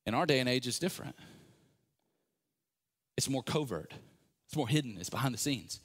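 A man giving a sermon, retelling a Bible story in a relaxed, conversational way with playful asides. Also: mid-range voice, moderate pace. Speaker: pastor.

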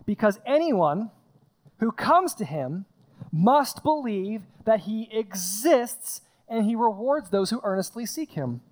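A man's voice: sits high, very animated, slow pace, darkish tone. A man preaching a sermon from a stage in a conversational way, acting out scenes and often repeating his words. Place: stage in front of a congregation.

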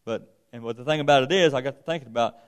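A man preaches in a plain, folksy way, drifting into a long personal story full of restarts. His voice sits at an ordinary middle pitch for a man. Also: racing. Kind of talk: informal sermon with personal story.

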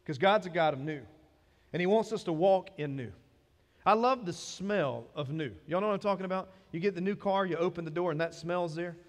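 High-voiced Southern preacher in a reverberant hall. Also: male voice, a little fast. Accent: Southern American. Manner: conversational preaching, rising to emphatic. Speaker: pastor. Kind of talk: sermon. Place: church sanctuary.

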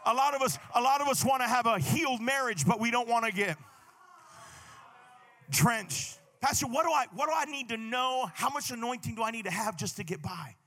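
Man in his thirties, pastor preaching a sermon with shouted emphasis; very high, bright delivery. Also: a little fast, a little hiss or hum.

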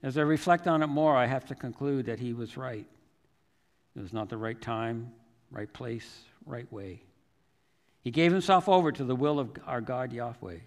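A man's voice: mid-range voice, moderate pace, in a large hall. A male pastor telling a Bible story in a reflective, conversational sermon, with self-deprecating asides.

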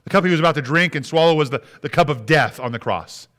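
Bright-voiced man preaching. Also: a little high, quick pace. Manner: conversational preaching with frequent restarts and acted-out prayers. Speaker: pastor. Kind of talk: sermon.

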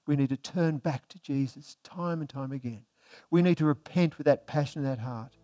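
Male pastor, sermon delivery, high voice, shifts from forceful emphasis to quiet intensity. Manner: asks the congregation rhetorical questions; swings between emphatic and hushed delivery.

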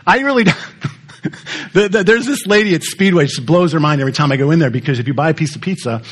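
A man's voice: on the high side, quick pace, breathy edge. A male pastor preaching a sermon in a conversational storytelling way, putting questions to the congregation.

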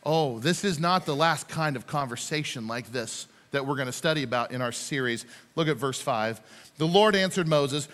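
A man preaching a sermon to his church, telling the story with lively voices for the people in it. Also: medium pitch, normal speed, long reverb tail. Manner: animated storytelling, acts out scenes with voices. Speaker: pastor.

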